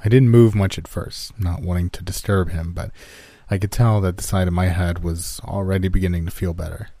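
Deep, mellow man narrating horror. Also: fairly quick, no echo. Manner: calm storytelling, lifts pitch for quoted characters.

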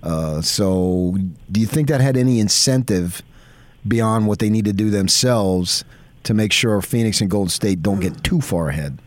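A man's voice: on the low side, normal speed. A man hosting a sports radio show, rambling and enthusiastic as he tells stories. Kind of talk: casual radio chat.

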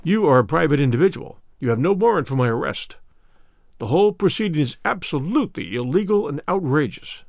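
A man's voice: fairly high pitch, animated, creaky, no echo, studio quality. A man doing a furious captured German spy. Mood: indignant. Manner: bitter, grim and deliberate. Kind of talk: audiobook character voice.

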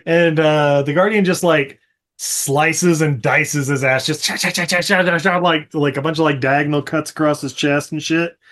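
A man's voice: a little high, fairly even intonation, normal speed, fairly bright tone. A man co-hosting a podcast, recapping a movie in a rambling, profane way full of fillers and laughter. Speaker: podcast co-host. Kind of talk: casual movie recap chat.

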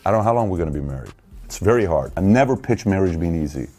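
A man's voice: low-pitched, animated, rapid-fire, mellow. A man in his forties hosting an opinionated commentary, talking emphatically and firing rhetorical questions at the listener. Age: 40s. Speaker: show host.

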